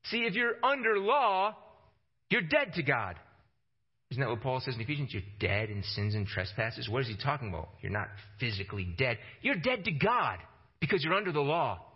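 A man's voice: very animated, fairly quick, husky. Passionate male preacher, lo-fi sound. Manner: passionate, rising to emphatic peaks and dropping low for stress; repeats words when starting phrases. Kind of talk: sermon.

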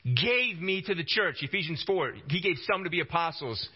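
High-voiced man preaching, dull lo-fi recording. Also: lively intonation, moderate pace, husky. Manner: emphatic, repeats phrases for stress. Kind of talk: sermon.

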